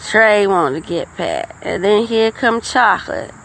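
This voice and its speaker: Slow, gravelly woman rambling. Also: medium pitch, animated, fairly bright tone, a little hiss or hum, low-quality recording. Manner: rambling, folksy, with frequent restarts. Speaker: podcast host. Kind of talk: casual storytelling monologue.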